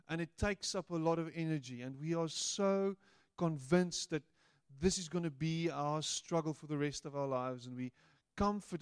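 A male pastor delivering a sermon at an unhurried pace. His voice sits a bit higher than most men's and is recorded dry and close. He keeps it playful, acting out quoted lines in little voices. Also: darkish tone, no room sound.

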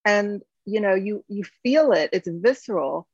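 A woman in her fifties, founder of a company, talking through her story in an interview. She speaks reflectively with many fillers and restarts, her voice carrying a gravelly edge. The recording is dry and a little dull. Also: mid-range voice, expressive, measured pace, a little mellow, no echo. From United States. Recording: dull, slightly lo-fi sound.

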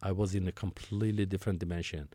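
A man's voice: low-pitched, steady tone, fast, warm tone, dry recording. A man in his sixties telling a long work story as an interview guest, rambling, with restarts and acted-out dialogue. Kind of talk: conversational storytelling.

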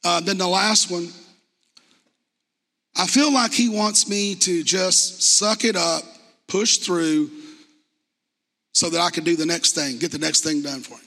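A man with a high, bright, ringing voice shares his testimony from the pulpit. He talks earnestly and conversationally, then reads scripture aloud, and his words trail into a long church reverb. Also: unhurried, long pauses. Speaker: church speaker giving testimony. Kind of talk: sermon testimony. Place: church hall.

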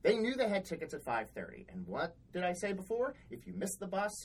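A woman's voice: medium pitch, huge pitch swings, fairly quick, breathy edge, poor audio. A woman co-hosting a podcast, telling work stories in a blunt, exasperated, heavily profane casual chat. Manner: blunt, exasperated, swears often. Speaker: podcast co-host.

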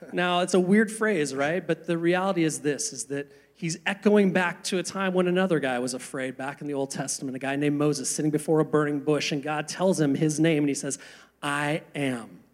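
A man preaching a sermon, earnest, asking rhetorical questions and slowing down for emphasis. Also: high-pitched. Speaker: pastor.

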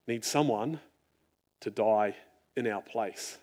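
A man preaching a sermon in an earnest, reflective way, often dropping his voice to a near-hush. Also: mid-range voice, expressive, unhurried, pauses often.

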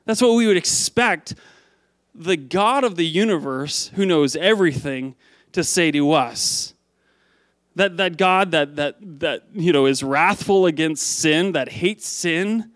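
A male pastor preaching a conversational sermon to a congregation, lively and prone to repeating words as he asks them questions. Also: on the high side, measured pace, no room sound.

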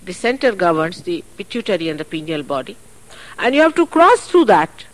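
A woman giving a spiritual talk at a public program, earnest and chatty, with asides and soft laughs, heard on an archive recording. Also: on the low side, sing-song, fairly quick, poor audio. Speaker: spiritual teacher. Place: public hall.

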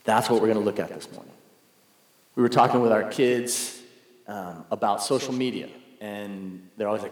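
A man's voice: lowish voice, moderate pace. A man preaching a sermon as a pastor, telling stories in a conversational way and acting out the people he quotes. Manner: conversational storytelling, acts out quoted voices. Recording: echoey hall.

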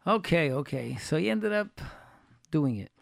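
A man with a rough, gravelly voice pitched a bit high tells folksy anecdotes in a Torah talk, repeating his key phrases to drive them home. The sound is dry and close, with no room around it. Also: very animated, a little slow, dry recording. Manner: folksy, retells anecdotes with quoted dialogue. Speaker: religious teacher.

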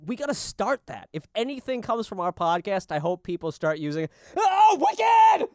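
A man co-hosting a podcast in casual chat, joking and swearing, often breaking into shouted bits. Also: high voice, lively intonation, a little fast, clean tone, dry recording, studio quality. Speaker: podcast co-host.

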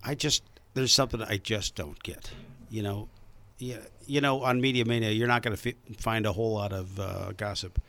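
A man's voice: lowish voice, fairly even intonation, normal speed, pushed and bright. A man hosting a casual talk show, chatty and rambling, with lots of fillers. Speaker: podcast host.

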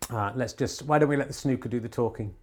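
A man's voice: mid-range voice, quick pace, darkish tone, natural voice. Brief: man playing his own polite snooker-player alter ego, hesitant, a little shaken. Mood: earnest.

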